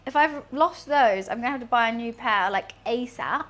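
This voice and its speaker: Chatty high-voiced British woman. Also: normal speed, a bit bright. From United Kingdom. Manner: chatty, rambling, laughs often. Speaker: streamer. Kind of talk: casual chat while cooking on stream.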